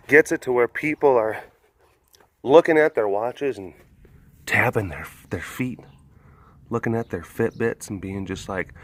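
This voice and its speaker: Outdoors at an animal compound, a man hosts a casual vlog, rambling playfully with plenty of fillers and cooing softly to the animals. His voice is medium in pitch.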